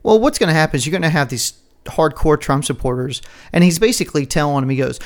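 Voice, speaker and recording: Rambling, profane man chatting. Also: fairly high pitch. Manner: rambling, profane, quick to laugh. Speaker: podcast co-host. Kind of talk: casual political chat.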